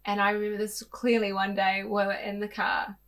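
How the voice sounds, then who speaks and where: A woman speaking openly and casually in a heartfelt conversation, often acting out her own inner voice with sudden louder bursts. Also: medium pitch, monotone, fairly quick.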